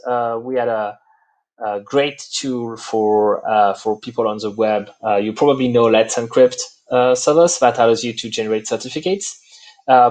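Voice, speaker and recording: French guy demoing software live, lots of uh's, stops and starts, middle pitch. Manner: halting, many "uh" fillers. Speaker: presenter. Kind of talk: live software demo walkthrough.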